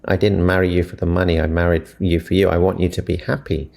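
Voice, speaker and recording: Deep gravelly man telling inspiring stories. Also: level tone, quick pace, darkish tone. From Africa. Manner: earnest, inspirational, retells dialogue. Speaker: relationship mentor. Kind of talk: storytelling interview answers.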